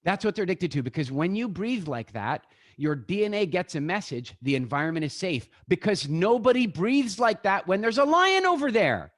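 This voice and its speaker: Man, guest speaker, animated and playful, talks straight to the crowd, dry close sound, video call. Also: high-pitched, moderate pace, hardly any pauses, dry recording. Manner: animated, acts out scenes, addresses the audience directly. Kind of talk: live online talk to an audience.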